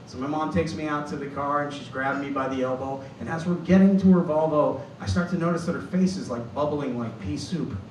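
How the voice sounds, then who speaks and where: Middle-aged comic on an echoey stage. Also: male voice, on the high side, a little fast, few pauses, a little hiss or hum. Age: 50s. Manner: storytelling, acts out quoted voices. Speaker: stand-up comedian. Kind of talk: stand-up set. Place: comedy club stage. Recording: echoey club from far off, loud ambience.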